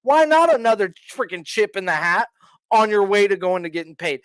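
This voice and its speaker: Male guest, high voice, profane slangy betting talk, dry mic. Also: sing-song, brisk, fairly bright tone, clean tone, dry recording. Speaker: podcast guest. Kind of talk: casual betting chat.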